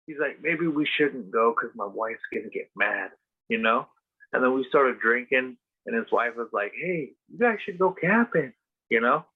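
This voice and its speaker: A man hosting a podcast tells a rambling story casually, packed with fillers and swearing. His medium-pitched voice moves at a moderate pace with a breathy edge. The audio sounds tinny, like a phone.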